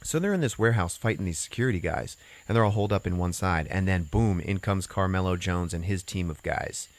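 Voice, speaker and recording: A man's voice: sits low, a little fast. A man hosting a podcast, casually retelling a story with rambling asides and acted-out quotes. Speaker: podcast host. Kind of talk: casual chat.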